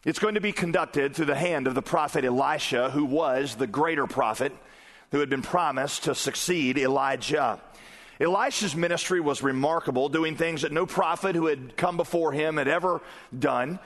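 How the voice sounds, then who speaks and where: Lively, slightly high-voiced male preacher. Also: normal speed. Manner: conversational preaching, acts out quoted voices. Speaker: pastor. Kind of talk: sermon.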